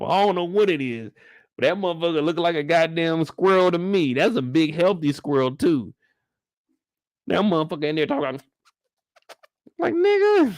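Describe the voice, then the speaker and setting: A young man hosting a casual livestream recap, animated and profane, often leaping into high exclamations. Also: no echo, studio quality. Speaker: show host.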